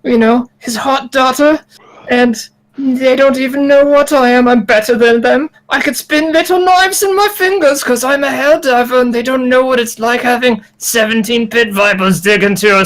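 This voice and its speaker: A man's voice: very high-pitched, a bit bright, rough recording. A man voicing a cocky, vengeful young male fighter in a faux Irish accent, boastful and drawn out.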